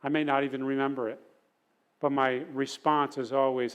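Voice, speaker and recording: A man's voice: medium pitch, level tone, moderate pace, clean tone. A middle-aged man teaching a parenting sermon at church in an earnest, conversational way.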